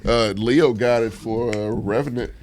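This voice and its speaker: A man's voice: mid-range voice, steady tone, measured pace, darkish tone, slight background noise. A man co-hosting a podcast in casual chat, laid-back and joking. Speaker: podcast co-host.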